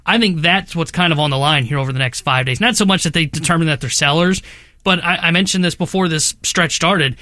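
A man talks baseball standings at a quick clip, stacking one scenario on another. His voice sits a bit high and sounds bright. The recording is dry and close. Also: dry recording. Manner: rapid, analytical, stacks up scenarios. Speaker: baseball podcast co-host. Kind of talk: casual sports talk.

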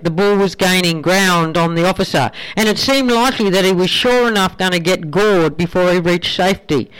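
Playful male radio host telling jokes, high and crisp. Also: fairly bright tone, rough recording. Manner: playful storytelling. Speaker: radio presenter. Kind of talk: telling jokes between songs.

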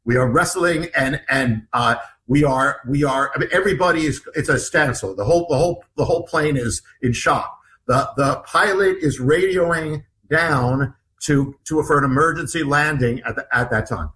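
A man's voice: fairly high pitch, normal speed, fairly bright tone, a little hiss or hum, low-quality recording. A male author being interviewed, recounting an ordeal in vivid detail, often restarting and repeating his words. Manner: vivid, acts out what others said. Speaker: author guest. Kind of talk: animated interview storytelling.

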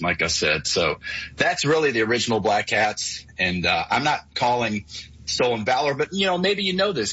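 Raspy bright-voiced male caller. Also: fairly low pitch. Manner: explaining at length, earnest, measured. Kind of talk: call-in radio talk. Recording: dull lo-fi call audio.

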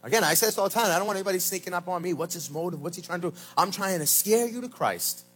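A man preaching a sermon as pastor, swinging between loud shouted points and low, quiet asides. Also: very fast, faint music behind, low-quality recording.

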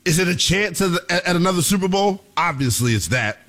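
Animated, high-pitched sports radio host. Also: male voice, fairly quick. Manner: preachy, theatrical, addresses listeners as ladies and gentlemen. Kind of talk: animated sports talk monologue.

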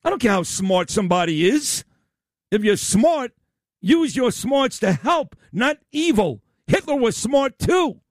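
Combative male talk radio host, high and animated, loud sarcastic rant, dry studio mic. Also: unhurried, no room sound.

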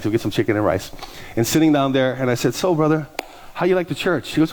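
Animated storytelling male pastor. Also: fairly high pitch, fast, slight background noise. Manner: animated, acts out dialogue in quoted voices. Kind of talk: sermon with storytelling.

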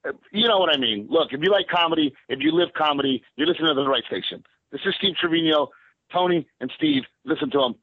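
A man doing a quick, joking radio station promo. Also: on the high side, slightly rough, no echo. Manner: fast, jokey hype. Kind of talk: promo spot. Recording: tinny phone-line sound, dry.

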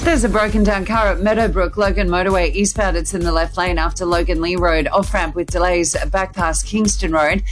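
A woman reads the radio traffic update, brisk and matter-of-fact. Her voice sits a bit low. A faint music bed plays underneath. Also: steady tone. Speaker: traffic reporter. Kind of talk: scripted traffic report.

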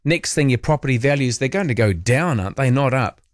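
A man's voice: mid-range voice, animated, brisk, no room sound, studio quality. A man hosting talkback radio, musing aloud in a wry, chatty way with lots of rhetorical questions. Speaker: radio talk host. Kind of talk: casual opinionated talkback chat.

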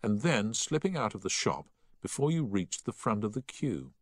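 A man's voice: on the low side, very animated, moderate pace, no echo, clean studio sound, pitched above the performer's own voice. A man reading the part of a strict male schoolmaster who speaks curtly and in an uncompromising tone. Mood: stern. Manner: curt, uncompromising. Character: stern strict middle-aged male housemaster. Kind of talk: audiobook character reading.

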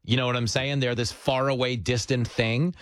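A man's voice: mid-range voice, moderate pace, no echo. A man hosting a radio interview, talking in an enthusiastic, affirming way. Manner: enthusiastic, affirming, lively emphasis. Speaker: radio show host. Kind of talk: casual interview chat.

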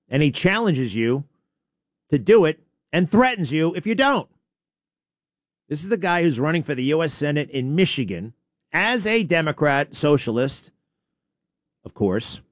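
A man's voice: a little high, no room sound. Sarcastic guy talk host rambling on, dry close sound, lots of asides. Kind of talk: opinionated monologue playing clips.

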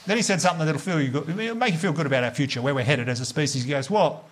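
Male stand-up comic: rapid-fire, animated storyteller, voice a touch high, faint hiss behind. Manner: animated, sweary storytelling with put-on quoted voices. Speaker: stand-up comedian.

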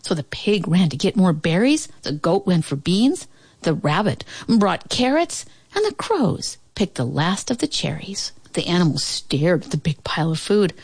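A woman reading a picture book aloud in an expressive storytime voice, lingering over lists. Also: on the low side, moderate pace, husky, no room sound, clean studio sound.

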